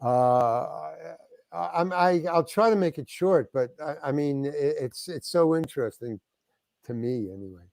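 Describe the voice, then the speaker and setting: An older New York man, appearing as a guest actor, tells stories in a casual interview, rambling with frequent restarts and acting out other people's lines. His voice is fairly high and darkish, expressive and measured, with no echo.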